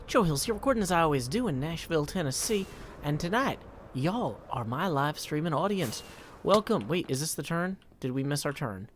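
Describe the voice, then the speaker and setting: A man's voice: on the high side, lively intonation, moderate pace, a little hiss or hum. A man casually chatting on a live stream while he plays, joking and reading viewer messages aloud.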